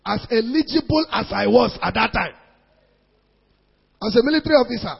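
Animated Nigerian pastor in a big hall. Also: male voice, very high-pitched, normal speed, creaky, husky. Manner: animated storytelling in Nigerian Pidgin mixed with English, acting out voices. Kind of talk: preaching sermon to a congregation. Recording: dull recording in a large reverberant hall.

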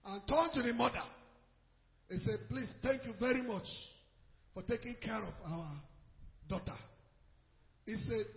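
Man, pastor, sermon, high voice, long hall reverb. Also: a little slow, vocal fry, long pauses, dull audio. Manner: storytelling, shifts from loud exhortation to low quiet telling.

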